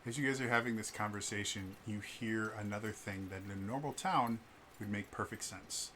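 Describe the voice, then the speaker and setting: A man narrating as game master in a tabletop game, unhurried and halting, with many fillers. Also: fairly low pitch, sharp tone, a little hiss or hum.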